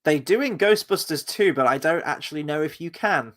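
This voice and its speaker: A man's voice: a little high, expressive, a little fast, a bit bright. Enthusiastic man chatting about films. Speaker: podcast co-host. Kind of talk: casual film-review chat.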